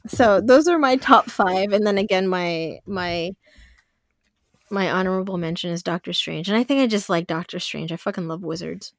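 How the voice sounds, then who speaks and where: A woman co-hosting a podcast in casual chat, animated, laughing often and swearing freely. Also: on the low side, normal speed, no echo, clean studio sound. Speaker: podcast co-host.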